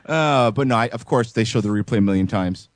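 A man's voice: lowish voice, no echo. A young adult man hosting a casual podcast chat, telling stories animatedly, swearing and acting out quotes. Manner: profane, animated storytelling with voiced quotes. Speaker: podcast host.

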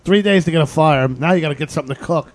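A man's voice: fairly high pitch, very fast, no echo. A middle-aged man, a podcast co-host, in crude, profane banter who laughs often and acts out quotes.

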